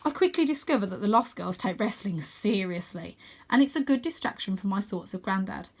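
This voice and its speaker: A woman reading a children's novel aloud, with calm, steady first-person narration. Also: medium pitch, fairly quick, a little hiss or hum. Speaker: storybook reader.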